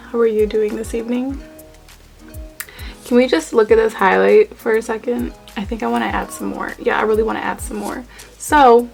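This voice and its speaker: A young woman talks through a makeup look in a chatty, playful way, joking to herself as she goes. Her voice has a gravelly edge, and soft music plays underneath. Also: medium pitch, low-quality recording. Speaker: beauty YouTuber. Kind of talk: casual makeup tutorial chat.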